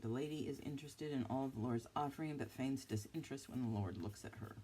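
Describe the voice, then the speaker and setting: Chatty low-voiced woman in her fifties. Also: fast talker, mellow, a little hiss or hum. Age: 50s. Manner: chatty, self-mocking, giggly asides. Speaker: craft vlogger. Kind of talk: casual haul chat.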